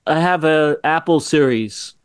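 A man's voice: on the high side, clean tone. A middle-aged man, an actor appearing as a podcast guest, talking casually with restarts and repeated words. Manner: halting, repeats words, enthusiastic. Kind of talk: casual interview chat.

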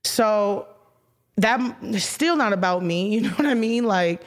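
A young woman, an interview guest and musician, telling an emotional story haltingly, with restarts and hushed whispered asides. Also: medium pitch, animated.

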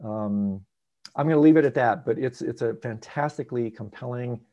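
Guy teaching meditation live on a video call, lively voice, loud then quiet. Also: medium pitch, moderate pace, highs cut off. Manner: animated, swings between loud bursts and soft asides.

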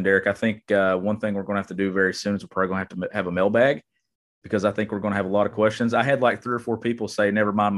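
A man co-hosting a sports podcast, chatting casually and enthusiastically from a remote spot. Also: fairly low pitch. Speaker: podcast co-host. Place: remote, on vacation.

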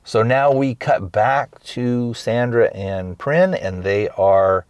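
A man's voice: mid-range voice, slow pace, a little mellow, clear, resonant tone, no echo. A man hosting a podcast, retelling scenes in a loose rambling way with many restarts and acted-out quotes. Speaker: podcast host reviewing a film. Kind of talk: casual recap.

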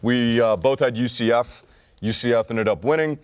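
A man's voice: mid-range voice, moderate pace, clean tone, no echo. A young man co-hosting a podcast, chatting casually and sarcastically about sports. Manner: wisecracking, sarcastic. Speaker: podcast co-host.

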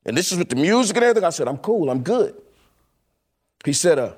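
A man telling a personal story about his years as a club DJ in a lively, casual way, often acting out the voices of the people in it. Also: fairly high pitch, fast, slightly rough. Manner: animated, laughing, acts out quoted voices.

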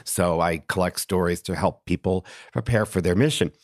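A man's voice: low-pitched, moderate pace, no echo, clean studio sound. A man as a podcast guest, telling stories animatedly with many fillers and restarts. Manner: animated, lots of fillers and restarts, laughing storyteller. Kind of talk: casual interview storytelling.

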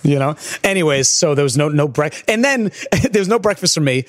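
An excitable man co-hosts a casual podcast chat from an apartment, his voice sitting fairly high and swinging widely as he tells a story. He often trips over repeated words when worked up. The sound is close and dry, with no room around it. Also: brisk, dry recording. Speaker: podcast co-host.

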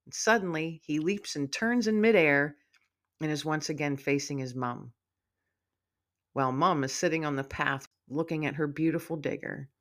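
A woman's voice: sits low, moderate pace. A woman author reading her own story aloud in a heartfelt, storytelling manner. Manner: warm, heartfelt narration.

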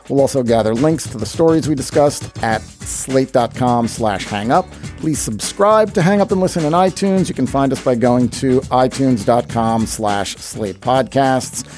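A man's voice: medium pitch, lively intonation, moderate pace, darkish tone, faint music behind. A man hosting a sports podcast, talking with playful sarcasm. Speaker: podcast host. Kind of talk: wry sports podcast commentary.

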